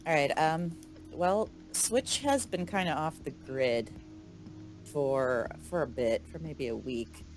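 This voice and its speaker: A player slowly and hesitantly narrating their character in a tabletop game. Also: mid-range voice, lively intonation, soft background music. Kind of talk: narrating her character's backstory.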